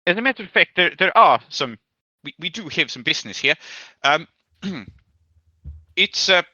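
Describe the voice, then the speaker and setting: A flustered, overly polite woman failing to act like a smooth spy, as a man player voices her. The bright, pitched-up voice comes through a dull, dry lo-fi mic. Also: very animated, moderate pace, no echo, full character voice. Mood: stiff. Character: awkward woman posing as a suave spy.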